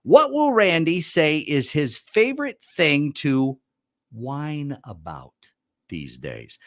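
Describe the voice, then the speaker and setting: A man's voice: on the high side, big pitch swings, takes it slowly, fairly bright tone. A man hosting a radio newlywed quiz, reading questions and teasing the contestant playfully. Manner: playful, quizzing and joking. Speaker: radio show host. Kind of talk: radio game show hosting.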